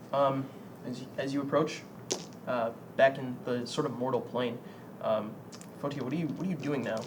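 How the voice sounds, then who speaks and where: Give me a young man game master, hesitant and filler-heavy, recorded from afar with background noise. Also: medium pitch. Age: young adult. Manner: hesitant, many fillers, laughs often. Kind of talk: narrating a tabletop game. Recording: distant mic with background noise.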